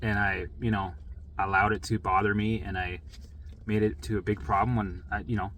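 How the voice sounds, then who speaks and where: Blunt, profane man, bright voice. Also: fairly low pitch, little pitch movement, normal speed. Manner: blunt and profane, acts out past arguments. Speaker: vlogger. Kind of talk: casual monologue to camera.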